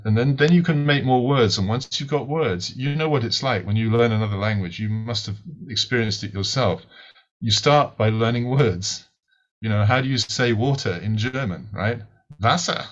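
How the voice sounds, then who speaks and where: A man's voice: mid-range voice, normal speed. A British man, a podcast guest and author, explains ideas in a lecturing way, often checking in with "right?" and repeating words as he starts sentences. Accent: British English. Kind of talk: explanatory interview answer. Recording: muffled lo-fi audio.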